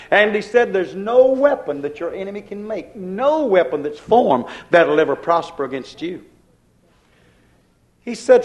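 A man's voice: high voice, low-quality recording. A male minister preaching a sermon in a folksy way, often calling out to his congregation.

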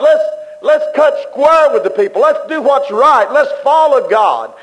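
A man's voice: very high voice, fairly bright tone, poor audio. A man preaching a sermon, fervent and repetitive, in plain-spoken, folksy speech.

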